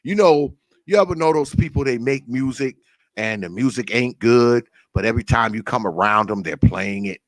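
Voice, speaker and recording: A man's voice: medium pitch, normal speed, no room sound, studio quality. A man hosting a casual livestream, greeting viewers by name with a profane, laughing, loose manner. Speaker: livestream host.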